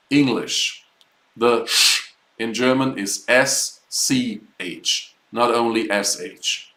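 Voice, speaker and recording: A man's voice: mid-range voice, a bit bright, roomy sound, poor audio. A man teaching a live online German class, explaining words patiently step by step.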